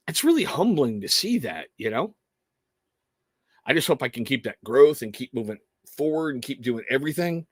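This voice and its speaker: A man's voice: medium pitch, very animated, a little fast, husky, dry recording, clean studio sound. A man hosting a casual livestream, talking in a rambling, earnest way with frequent restarts. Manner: rambling, self-interrupting, earnest. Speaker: livestream host.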